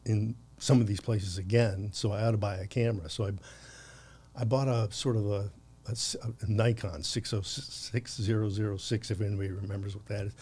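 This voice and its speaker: With a lowish, husky, slightly mellow voice, this man speaks briskly in a steady tone. He's a podcast guest from the United States in his sixties, spinning lengthy anecdotes full of laughs and restarts.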